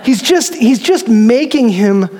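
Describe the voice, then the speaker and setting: A male pastor preaching a sermon, animated and conversational, with touches of humor. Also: very high-pitched, takes it slowly, in a large hall.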